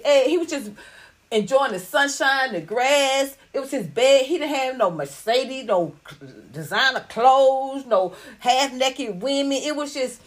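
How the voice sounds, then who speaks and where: A woman's voice: sits high, expressive, moderate pace. A middle-aged woman hosting a podcast, talking casually to viewers in a blunt, profane and preachy way. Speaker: podcast host. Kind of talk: casual livestream talk to viewers.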